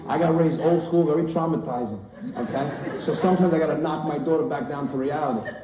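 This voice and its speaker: A man in his thirties doing stand-up comedy, telling stories loudly, acting out voices and swearing, on a stage mic in a large hall with a laughing audience. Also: fairly high pitch, fast, noisy background. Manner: loud animated storytelling, acts out voices, swears. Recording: roomy hall from a distance with crowd laughter.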